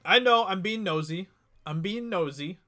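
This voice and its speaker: A man's voice: sits high, moderate pace, sharp tone. A man hosting a casual livestream, chatty and giggly as he responds to viewers. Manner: chatty, giggly, reads chat aloud. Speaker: livestream host.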